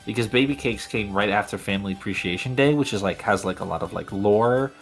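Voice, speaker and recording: Low-voiced laughing male podcast host. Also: fast, vocal fry, faint music behind. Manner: laughing, swearing freely, rambling with fillers. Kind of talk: casual chat.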